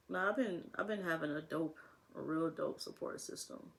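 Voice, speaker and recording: A woman's voice: deep voice, moderate pace, gravelly, fairly bright tone. A young woman talking casually to camera as a vlogger, rambling and laughing often.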